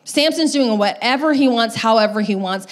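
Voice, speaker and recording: A woman's voice: fairly high pitch, moderate pace. A young adult woman pastor preaching a sermon. She tells the story casually, with lots of fillers, and acts out quoted lines. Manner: lively retelling with acted quotes.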